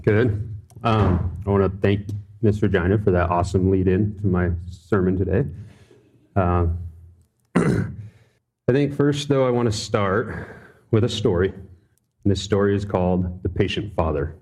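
A man's voice: sits low, unhurried, pauses often, a little mellow. A man preaching a sermon, telling a story and asking the congregation rhetorical questions.

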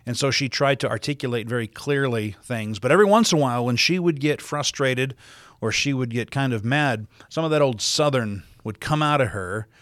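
A man's voice: mid-range voice, a little fast, fairly bright tone, no echo, studio quality. A man from South Dakota preaching a podcast sermon as a pastor, stressing key words by repeating them and reading scripture aloud in old-fashioned wording. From South Dakota, USA.

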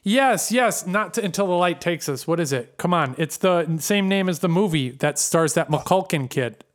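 A man co-hosting a casual podcast chat, telling animated stories, swearing freely and often trailing off and restarting. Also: sits high, normal speed. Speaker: podcast co-host.

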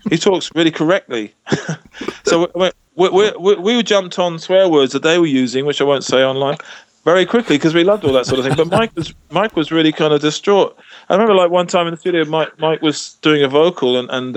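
In a dry recording, a man with a voice on the high side chats as a musician guest in a casual video-call interview. He's from England and tells stories loosely, restarting often and leaning on "you know."

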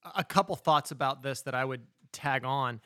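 A man chatting casually as a podcast co-host, adding quick asides and telling stories with energy. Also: mid-range voice, dry recording, clean studio sound. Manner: animated storyteller, quick asides. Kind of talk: casual chat.

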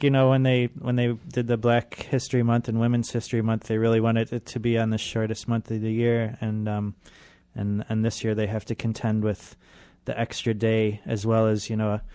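Mellow-voiced hesitant male radio co-host. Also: lowish voice, completely flat delivery, brisk, few pauses, clear, resonant tone, no echo. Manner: hesitant, many fillers, dry quips. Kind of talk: casual radio banter.

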